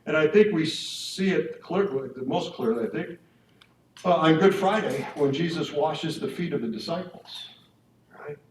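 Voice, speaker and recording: A man's voice: a little high, normal speed, slight background noise. A man giving a conversational faith talk to couples at a parish marriage evening. He speaks informally and keeps checking in with his listeners through tag questions. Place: church hall or meeting room. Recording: echoey room, mic at a distance.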